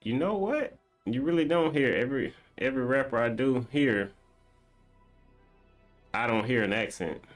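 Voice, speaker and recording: Man, game streamer, casual banter, lively up-and-down voice, soft music behind. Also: mid-range voice, moderate pace, long pauses. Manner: animated, reads viewer comments aloud and banters. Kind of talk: casual live-stream chat.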